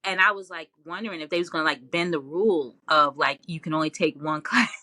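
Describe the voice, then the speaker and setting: Woman chatting in an interview, animated, laughs a lot, bright edge, lowish voice. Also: quick pace, dry recording. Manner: animated, laughs often, quoted dialogue in a raised voice. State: tearful at times. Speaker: interview guest. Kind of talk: casual storytelling interview.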